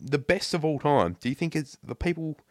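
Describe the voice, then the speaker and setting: A man's voice: fairly high pitch, animated, fairly quick, dry recording. A young man co-hosting a casual podcast, often repeating his words as he starts sentences. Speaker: podcast co-host.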